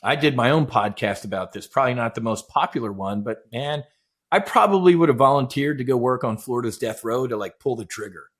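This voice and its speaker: A middle-aged man, a former naval aviator, recounting a deep personal experience in an intense, animated way, swearing and acting out quoted dialogue. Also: a little fast. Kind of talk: emotional storytelling in casual chat.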